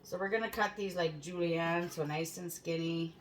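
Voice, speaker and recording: A woman's voice: fairly low pitch, fairly even intonation, moderate pace, heavy background noise. A woman hosting a home cooking show, chatting casually in her kitchen, swearing freely and laughing at her own stories.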